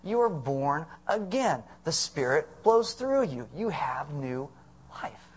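A man's voice: a little high, very animated, slow, breathy edge. A middle-aged man preaching a conversational sermon as pastor, asking the congregation questions.

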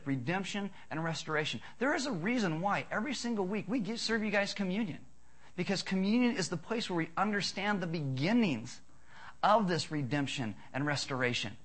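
A male pastor delivering a sermon with a somewhat high voice. He tells stories with animation, rising to loud bursts and dropping to hushed, close tones. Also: animated, normal speed.

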